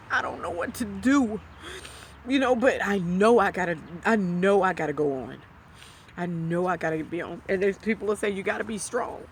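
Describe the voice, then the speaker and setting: A grieving widow talking to camera in a heartfelt, halting way, her voice sometimes breaking into a whisper. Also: on the low side, a little hiss or hum. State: grieving, near tears. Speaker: widow sharing her grief. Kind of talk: emotional personal talk to camera.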